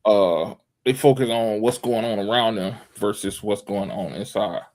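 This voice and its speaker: Animated man hosting a casual podcast. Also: on the low side, moderate pace. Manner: animated, acts out quotes, restarts phrases. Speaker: podcast host.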